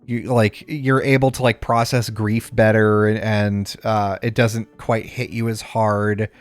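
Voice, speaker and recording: A man's voice: on the low side, little pitch movement, unhurried, soft background music. A young father co-hosting a podcast in casual chat, reflective and hesitant, with lots of fillers and some swearing. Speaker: podcast co-host.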